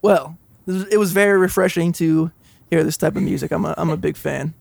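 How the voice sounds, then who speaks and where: A man's voice: a little high, brisk, vocal fry, darkish tone, no echo. A young man chatting casually about music, telling a rambling funny story and laughing often. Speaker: podcast co-host. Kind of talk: casual music review chat.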